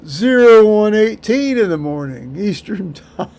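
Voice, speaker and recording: A man rambling through a solo vlog monologue, halting with many fillers and restarts, with dry dark humor. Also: sits high, sing-song. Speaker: vlogger.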